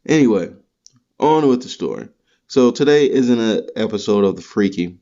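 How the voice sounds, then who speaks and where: A man's voice: fairly low pitch, expressive, normal speed, warm tone, lo-fi sound. A man hosting a podcast, delivering a rambling, profane comedic monologue full of crude rants. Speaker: podcast host.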